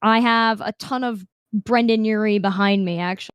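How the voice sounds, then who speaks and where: A woman's voice: medium pitch, fairly even intonation, normal speed, clean tone, no room sound, lo-fi sound. A young woman guest on a video call, chatting casually with laughs and acting out the people in her stories. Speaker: guest streamer. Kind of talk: casual interview chat.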